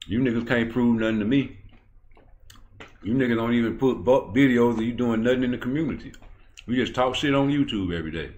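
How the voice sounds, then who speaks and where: A man hosting a YouTube boxing talk show, ranting profanely and swinging from low muttering to loud, heated outbursts. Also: brisk. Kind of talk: ranting commentary.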